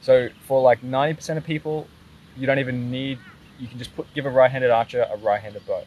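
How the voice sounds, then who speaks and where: Man hosting a relaxed live-stream chat, voice set in the middle range, explains things step by step and jokes around. Steady background noise can be heard under his talk. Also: mid-range voice, brisk, low-quality recording. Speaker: archery coach and host.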